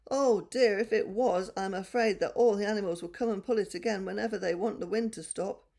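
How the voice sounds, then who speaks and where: A woman's voice: mid-range voice, a little fast, vocal fry, mellow. A woman voicing a proud male donkey in a bedtime story, braying and boasting, then small and worried.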